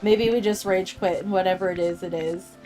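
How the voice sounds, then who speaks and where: A woman in her thirties chatting casually with her chat while streaming a game, bubbly and quick to laugh. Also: medium pitch, steady tone, warm tone, soft background music. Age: 30s. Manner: giggly and bubbly, laughs often.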